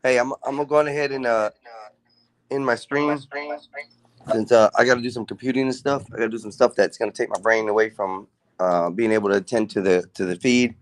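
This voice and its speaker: A man's voice: mid-range voice, steady tone, brisk, no echo. A man calling in to a casual stream from outside behind his house, easygoing and polite. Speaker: caller and fellow streamer. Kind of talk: casual call-in chat.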